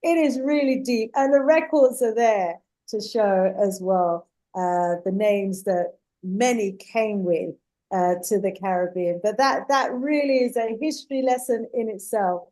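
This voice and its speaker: A woman hosting a live talk show who reads audience comments and speaks with earnest, measured emphasis, calling her guests "beloved". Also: medium pitch, mellow. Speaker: host.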